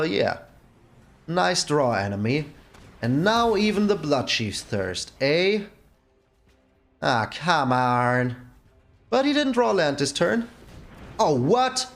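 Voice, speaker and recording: A man hosting his own gaming channel, giving casual gameplay commentary and exclaiming in exasperation at his bad luck. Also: a little high.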